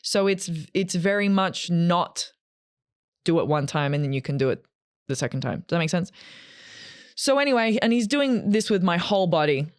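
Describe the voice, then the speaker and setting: A woman in her thirties telling a personal story to camera in a chatty, animated way, acting out what people said. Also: lowish voice, moderate pace, clean tone, no room sound, clean studio sound. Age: 30s. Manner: chatty and animated, acts out quotes. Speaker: vlogger.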